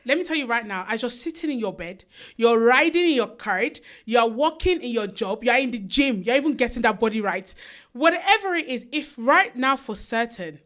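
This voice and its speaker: A young woman co-hosting a chat podcast, talking in slangy, animated bursts that slip into mock-preacher declarations. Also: on the high side, normal speed, few pauses. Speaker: podcast co-host.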